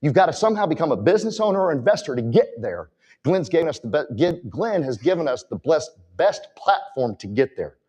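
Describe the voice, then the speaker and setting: A man's voice: on the high side, big pitch swings, brisk, darkish tone, husky, highs cut off. A man giving a motivational talk from a conference stage, emphatic and direct with the audience. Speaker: conference speaker.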